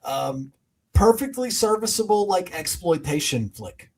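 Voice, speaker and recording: A man's voice: sits high, animated, measured pace, breathy edge, exaggerated voice. A man voicing a wisecracking demon puppet as co-host of a comedic podcast chat, jokey and prone to laughing. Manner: jokey, flustered, trails off into laughs.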